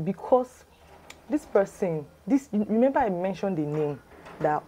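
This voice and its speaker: A woman with a Yoruba accent tells a story in a chatty, exclamatory vlog style. Her voice sits a little low and sounds soft and mellow. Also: lively intonation, moderate pace, pauses often, muffled recording. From Nigeria. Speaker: lifestyle vlogger. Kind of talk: casual storytime.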